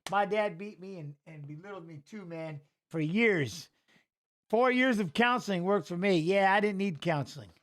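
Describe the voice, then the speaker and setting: High-voiced blunt man calling fights. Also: normal speed. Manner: blunt and profane, mixing call-outs with life stories. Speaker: watch-along host. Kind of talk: casual live fight commentary and storytelling.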